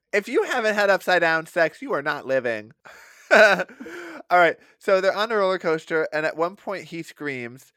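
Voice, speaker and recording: A man's voice: high-pitched, sing-song, unhurried, sharp tone, no echo, studio quality. A man co-hosting a podcast, telling a story animatedly with lots of swearing and laughter. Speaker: podcast co-host. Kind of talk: casual podcast chat.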